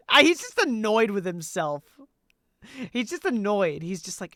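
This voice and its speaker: A man's voice: sits high, sing-song, unhurried, fairly bright tone, no echo. Laid-back joking male streamer. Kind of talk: casual live-stream commentary.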